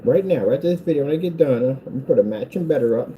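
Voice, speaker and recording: A man's voice: mid-range voice, expressive, rapid-fire, phone-quality sound, slight background noise. A man running a small business, talking casually in a rambling vlog from his workshop and taunting his critics. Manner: taunting, mocking haters in a sing-song voice.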